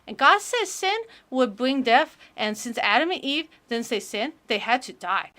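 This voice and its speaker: A woman's voice: fairly high pitch, very animated, pushed and bright. A woman putting on a sweet little girl storyteller. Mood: earnest. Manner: sing-song, halting, with childlike mispronunciations. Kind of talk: reading a children's book aloud in character.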